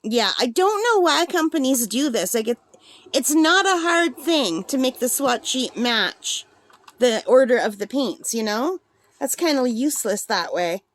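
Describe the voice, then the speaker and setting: A woman's voice: sits high, very animated, unhurried, fairly bright tone. A woman chatting casually through an art supply unboxing, rambling with fillers while she has the hiccups.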